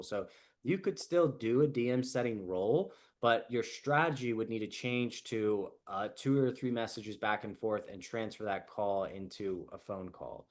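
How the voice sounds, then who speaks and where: A man coaching a group call in a casual, chatty way, filling his talk with "like" and "right?" and acting out quoted people. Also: mid-range voice. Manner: casual, lots of "like" and "right?", animated quoted asides.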